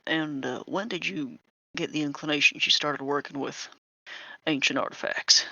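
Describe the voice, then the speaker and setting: A player questioning a character in a tabletop game, halting and probing. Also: mid-range voice, fairly even intonation, gravelly, bright, forceful tone, no room sound, muffled recording.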